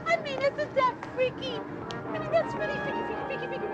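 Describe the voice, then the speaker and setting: A woman's voice: very high-pitched, fast. An actress playing a chatty streetwise young woman who rambles in slang, from an old TV drama. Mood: gossipy. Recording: old TV drama with loud music.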